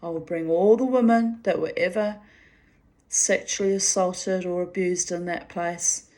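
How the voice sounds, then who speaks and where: Low-voiced woman telling wry diary stories. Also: darkish tone. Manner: chatty, wry, laughs at herself. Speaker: vlogger reading her diary. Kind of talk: casual spoken diary reading.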